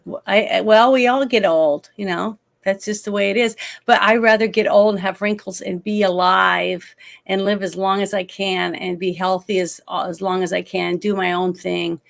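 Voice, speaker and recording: A woman's voice: mid-range voice, steady tone, normal speed, gravelly. A woman talking about a movie in a casual chat, emotional and rambling, often trailing off and restarting. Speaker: guest.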